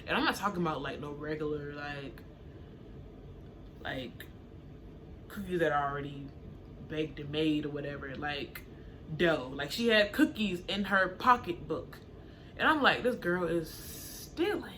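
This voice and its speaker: A young woman casually telling a story to camera, acting out what people said with sudden high jumps in her voice. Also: unhurried, pauses often, slight background noise. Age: young adult. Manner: animated, acts out quotes with sudden high pitch jumps. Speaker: storytime vlogger.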